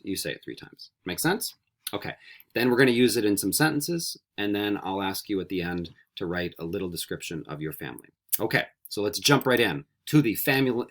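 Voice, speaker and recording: A man teaching a Spanish vocabulary lesson, repeating each word slowly and coaxing students with friendly questions. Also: on the low side. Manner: slow, carefully repeated word drills. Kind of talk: recorded classroom vocabulary lesson.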